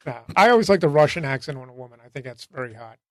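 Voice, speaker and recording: A man co-hosting a podcast with a notably high voice and a folksy way of explaining things. His sentences ramble and trail off into low mutters. The sound is dry and close. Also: lively intonation, rapid-fire, a bit bright, no room sound. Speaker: podcast co-host. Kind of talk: casual crude banter.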